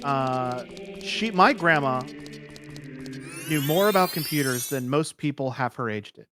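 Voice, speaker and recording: A man's voice: medium pitch, lively intonation, unhurried, fairly bright tone. Hesitant man chatting over game music. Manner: hesitant, lots of fillers and restarts. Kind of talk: casual chat.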